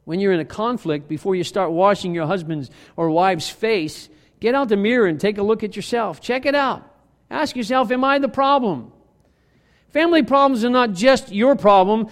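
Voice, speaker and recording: A man preaching a sermon as worship leader, conversational and animated, acting out quotes from everyday life. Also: extremely high pitch, long reverb tail. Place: church sanctuary.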